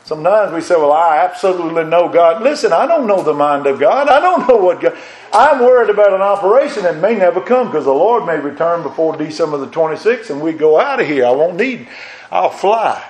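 This older pastor delivers a folksy sermon at a brisk clip, his slightly high voice swinging widely in pitch and climbing whenever he drives a point home. He repeatedly asks his congregation questions, and the audio is poor.

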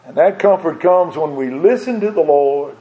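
A man's voice: a little high, lively intonation, normal speed. A man preaching a sermon in an earnest way, repeating phrases and asking his listeners direct questions. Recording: dull lo-fi recording.

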